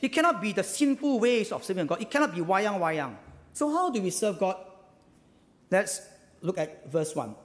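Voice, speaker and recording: A man with a Singaporean English accent gives a sermon in a church hall, his voice sitting high and swinging widely up and down. He keeps it chatty, tags phrases with "ah" and "lah" and throws out rhetorical questions. A long reverb trails behind every phrase. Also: big pitch swings, moderate pace. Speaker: pastor.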